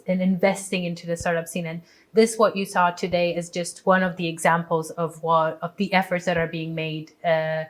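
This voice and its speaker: A woman in her thirties from Poland, a startup community founder speaking in a measured, fluent way in an interview. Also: on the low side. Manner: measured, fluent with occasional fillers. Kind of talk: conversational interview.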